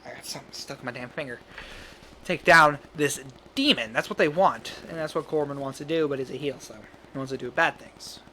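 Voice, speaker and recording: A man casually talking through an imagined wrestling show, rambling with quick asides and laughing at his own jokes. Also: medium pitch, bright, forceful tone, slight background noise. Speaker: fantasy booking commentator. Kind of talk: casual solo commentary.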